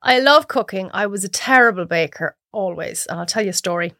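A woman with an Irish accent, a cook chatting as a podcast guest, telling animated stories and acting out other people's voices. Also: medium pitch, brisk, no room sound, clean studio sound. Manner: animated storyteller who acts out voices. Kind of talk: casual chat.

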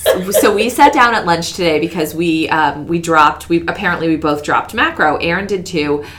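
A woman co-hosting a podcast, telling an expressive story and mimicking others. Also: fairly low pitch, normal speed, heavy background noise. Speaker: podcast co-host. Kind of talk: casual chat.

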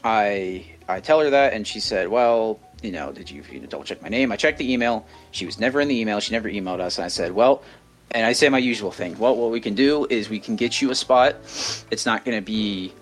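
A man's voice: fairly low pitch, fairly quick, soft background music. Rambling young man telling a story. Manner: rambling, many restarts and "like". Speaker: podcast co-host. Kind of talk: casual storytelling chat.

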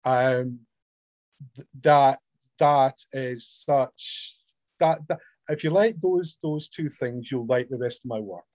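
Speaking slowly in a mid-range voice with no echo, a middle-aged Scottish author chats as an interview guest. He has a Scottish accent and tells his stories with animation, acting out quoted voices in the casual conversation.

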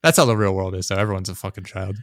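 A young man chatting casually, rambling and sarcastic, often mimicking people in high mocking voices. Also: rapid-fire, no echo, clean studio sound. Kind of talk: casual chat.

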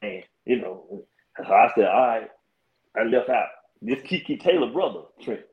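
Chuckling barber in an echoey room. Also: male voice, mid-range voice, normal speed, phone-quality sound. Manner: relaxed, chuckling storyteller. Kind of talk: casual storytelling. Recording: roomy echo.

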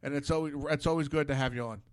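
High-voiced man rambling, profane host. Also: racing, smooth, no echo. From Philadelphia area. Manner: rambling, profane storytelling with many restarts. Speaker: podcast host. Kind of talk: casual chat.

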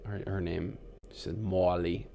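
Podcast co-host, male, lowish pitch, loose rambling chat with frequent laughs. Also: lively intonation, a little slow, vocal fry, a crowd in the background. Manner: chatty, rambling, laughs often. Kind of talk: casual chat.

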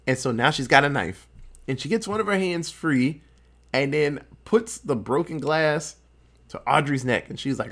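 A man retelling a movie in a loose, profane chat. His voice sits a touch high and swings widely in pitch as he jumps into voices for each character. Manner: animated, profane, acts out characters' lines in quick voices. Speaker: podcast co-host recapping a film. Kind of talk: casual chat.

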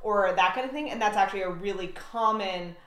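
A woman's voice: mid-range voice, brisk. Woman cohost, casual podcast chat, lots of likes and ums, echoey room. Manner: talks with many likes and ums. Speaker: podcast co-host. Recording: roomy.

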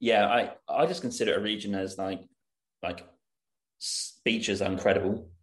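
A man's voice: on the low side, moderate pace. A man hosting a travel podcast, chatting casually with a guest and using many "like" and "um" fillers. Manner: relaxed, chatty, with frequent "like" and "um". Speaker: podcast host. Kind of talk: casual interview chat.

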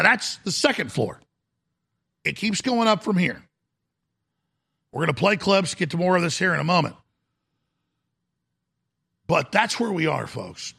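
A man's voice: fairly high pitch, vocal fry, pushed and bright, husky. A middle-aged man hosting a political talk show, ranting emphatically and calling his listeners folks.

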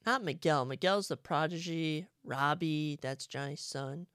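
A young man hosts his own podcast and talks through his opinions in an eager, rambling way, often circling back to fix what he just said. His voice carries a gravelly rasp at the bottom. The sound is close and dry, with no room around it. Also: a little high, expressive, brisk, fairly bright tone, dry recording. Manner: enthusiastic, rambling, self-correcting. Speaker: podcast host. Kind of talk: solo casual chat.

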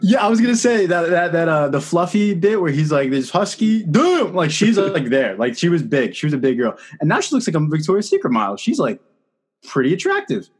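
A man's voice: a little high, big pitch swings, fast, slightly rough. A young man hosting a casual podcast chat, rambling with lots of fillers and frequent laughs. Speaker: podcast host.

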